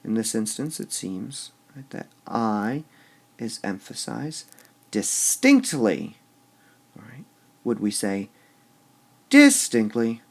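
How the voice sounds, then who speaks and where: A man's voice: lowish voice, a little slow, creaky, darkish tone, breathy edge. A man teaching a recorded lesson on poetic meter. He goes step by step, says "all right" often between steps, and repeats words with shifting stress to show the beat.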